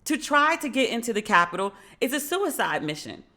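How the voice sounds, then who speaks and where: Animated, profane woman storyteller. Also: on the high side, fairly quick. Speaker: podcast host. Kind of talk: casual monologue.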